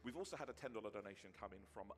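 A man's voice: on the low side, lively intonation, very fast, a little hiss or hum. A man hosting a live stream, reading out donations in a friendly way. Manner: friendly, reads donation messages aloud. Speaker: event host reading donations.

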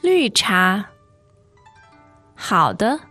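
A woman's voice: mid-range voice, very animated, drawn-out words, bright, forceful tone, dry recording, faint music behind. A woman co-hosting a language lesson, patiently modeling words with careful repetition. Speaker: Mandarin lesson co-host. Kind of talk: slow model pronunciation.

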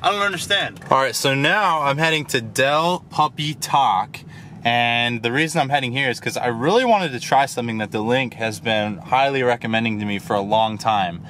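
Young male vlogger, bright tone, animated casual rants about food. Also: mid-range voice, normal speed, a little hiss or hum. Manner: animated, ranting, exclaiming. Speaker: vlogger doing a food review. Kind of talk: casual vlog chat.

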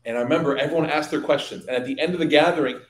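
Man teaching, lively storyteller, roomy hall. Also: on the high side, very fast. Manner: lively anecdotal storytelling, addressing audience. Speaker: religious teacher. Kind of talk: evening Quran study talk. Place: community hall.

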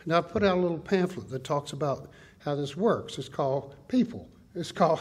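An older man giving a folksy, animated conference talk, riffing through lists and anecdotes. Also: fairly high pitch, fairly quick, husky. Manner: folksy, animated storytelling with list-like riffs. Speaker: conference speaker. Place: conference hall.

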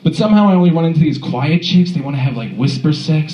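A man doing a crude, animated stand-up set in a comedy club, recorded on a phone from the audience. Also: fairly high pitch, quick pace, hardly any pauses, roomy sound, lo-fi sound, faint music behind. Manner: crude, animated storytelling with acted-out voices. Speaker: stand-up comic.

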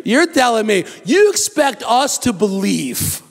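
A male pastor preaching a sermon, animated and acting out the story in different voices. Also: sits high, measured pace, big-room sound. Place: church sanctuary.

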